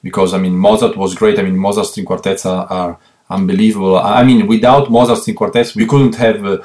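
A man with an Italian accent, a guest on a remote call, speaking English as a second language with many pauses and restarts. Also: fairly low pitch, fairly even intonation, a little mellow. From Italy. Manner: halting, many fillers and restarts, earnest. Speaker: guest musician. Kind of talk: interview answers.

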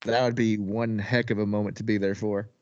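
Male co-host, excitable and loose, laughs easily, dry close mic. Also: on the low side, a little fast, dry recording, muffled recording. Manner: excitable, laughs often, swears casually. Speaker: podcast co-host. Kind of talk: casual chat.

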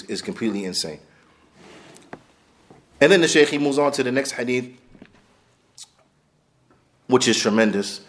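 A man teaching a class on hadith, talking bluntly and casually with lively asides, dropping Arabic terms into his English. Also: fairly low pitch. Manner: animated, blunt street-style talk, laughs, mixes in Arabic terms. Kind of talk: lecture on hadith.

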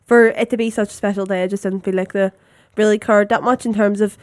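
A woman's voice: medium pitch, fairly even intonation, quick pace, no echo, studio quality. A young woman with a Northern Irish accent, co-hosting a podcast in casual chat and telling stories packed with "like". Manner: chatty storytelling, full of "like". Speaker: podcast co-host.

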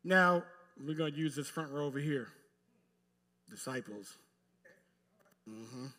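A male pastor preaching a sermon to a live congregation in a church, speaking emphatically with long pauses and addressing the pews directly. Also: fairly high pitch, expressive, sharp tone.

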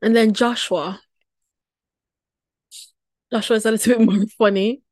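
A woman, hosting a wellness show and telling a personal story in a lively, chatty way with frequent laughter. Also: on the high side, a little slow, dry recording, studio quality. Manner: lively, chatty, laughs often, repeats words for emphasis.

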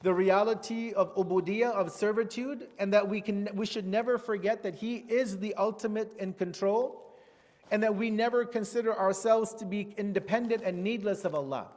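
A man's voice: high-pitched, moderate pace, a little mellow, big-room sound. A man giving a religious lecture as an Islamic teacher, explaining patiently step by step and repeating key terms.

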